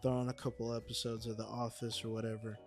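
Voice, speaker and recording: A man co-hosting a relaxed podcast talk. He speaks at a middle pitch in a reflective, agreeable way, often leaning on "you know". Soft music sits faintly in the background. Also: fast. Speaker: podcast co-host. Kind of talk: casual chat.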